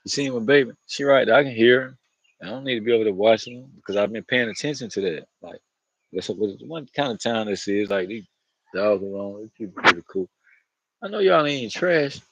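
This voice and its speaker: A man with a low, gravelly, husky voice talks in a loose, meandering stream of slang and curses. He laughs often as he drifts from thought to thought. The sound is dry and close. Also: expressive, fairly quick, a bit bright, dry recording, highs cut off. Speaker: vlogger. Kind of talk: rambling casual monologue.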